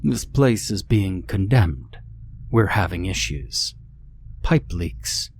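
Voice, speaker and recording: A man's voice: low-pitched, expressive, slow pace, darkish tone, slight background noise, heavily acted. A man voicing a suspicious, evasive male ticket seller at an old theater, with a thick put-on Eastern European-Texan drawl.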